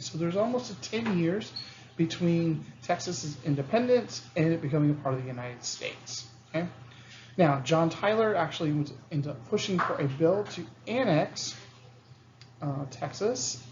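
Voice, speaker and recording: A man's voice: on the high side, lively intonation, moderate pace, a little mellow, slight background noise. Casual man teaching a lecture. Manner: casual, checks in with students, acts out quotes. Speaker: history teacher. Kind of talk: recorded classroom lecture. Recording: slightly dull lo-fi recording.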